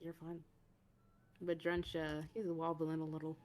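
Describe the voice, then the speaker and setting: Lowish-voiced woman game master. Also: completely flat delivery, a little mellow, soft background music. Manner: halting, filler-heavy narration. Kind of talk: narrating a tabletop game.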